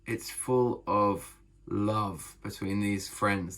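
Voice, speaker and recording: Brief: male author vlogger, low gravelly husky voice, enthusiastic and emphatic delivery. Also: animated, moderate pace, over loud music. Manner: enthusiastic, emphatic, repeats phrases. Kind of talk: casual talk to camera about writing.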